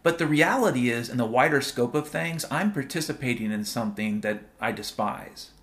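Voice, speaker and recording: A man's voice: medium pitch, a bit bright. A man delivering a rambling, playful monologue as a host, full of wordplay and repetition, swearing freely. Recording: piano music playing behind.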